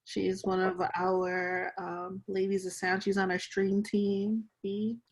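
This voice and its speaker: A woman co-hosting a video call, calmly inviting others to speak. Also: mid-range voice, slow, husky. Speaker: co-host.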